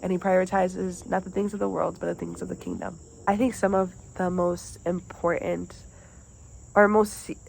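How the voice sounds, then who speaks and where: A young woman retelling a parable for a class, then reflecting on it in an earnest, halting way with restarts. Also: fairly low pitch, creaky, a little hiss or hum, low-quality recording. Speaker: student presenter.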